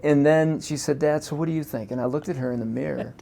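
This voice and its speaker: A man's voice: fairly high pitch, fairly even intonation, fast, gravelly. A middle-aged man hosting a conversational interview, affirming his guest and telling a story from his own life. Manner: warm storytelling, affirming listener. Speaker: host.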